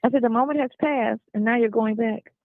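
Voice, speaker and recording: Phone caller, man, high raspy, chiding and teasing, tinny line. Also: fairly even intonation, no echo. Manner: chiding, fast-talking, teasing. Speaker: caller on a recorded phone call.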